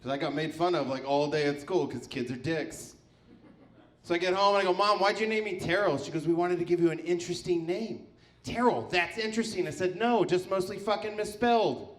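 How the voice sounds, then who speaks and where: A male stand-up comedian doing a deadpan set and chuckling at his own jokes. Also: on the high side, echoey room.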